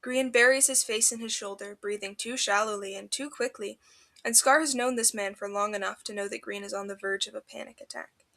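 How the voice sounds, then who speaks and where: Bright-voiced woman reading a story aloud. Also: mid-range voice, brisk, gravelly. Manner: expressive, emotional reading. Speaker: fanfiction podcast reader. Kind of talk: storybook narration.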